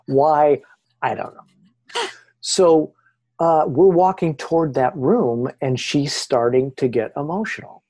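A man who is a guest on a podcast, telling stories in an animated, excited way. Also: on the high side, takes it slowly. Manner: excited, lively retelling. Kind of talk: animated storytelling.

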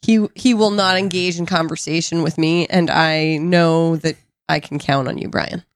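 A woman co-hosting a casual podcast, playful and quick to laugh. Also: deep voice, fairly even intonation, dry recording, studio quality. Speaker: podcast co-host. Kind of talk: casual chat.

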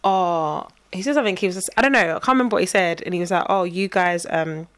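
A woman's voice: lowish voice, fast talker, fairly bright tone. A young woman, telling rambling stories in casual podcast chat. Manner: rambling storyteller, laughs often, uses London slang. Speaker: podcast co-host.

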